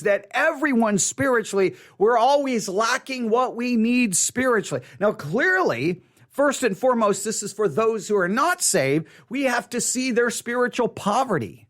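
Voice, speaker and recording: Earnest male Bible study teacher, high and very animated voice, stumbles and restarts, repeats for emphasis.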